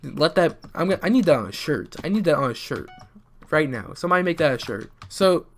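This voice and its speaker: Teen boy, storytime while gaming, rambling and joking, fairly high voice. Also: sing-song, fairly quick, a bit bright, a little hiss or hum. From US South. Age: teens. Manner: rambling, joking, restarts a lot, mutters at the game. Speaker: YouTuber. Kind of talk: storytime commentary over gameplay.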